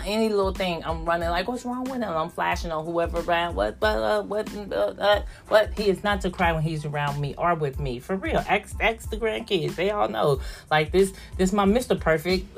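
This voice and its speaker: An older woman talks in a loose, rambling way, often slipping into little acted-out voices. Her voice sits on the low side, and faint music plays behind her. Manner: chatty, rambling, acts out voices of family. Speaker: vlogger. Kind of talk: casual chat.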